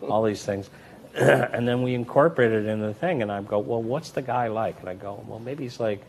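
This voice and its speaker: This is a man talking at normal speed, with a little hiss or hum in the recording. A magician and comedy performer, he relates interview anecdotes and animatedly performs the voices of the people in them, varying pitch and loudness sharply.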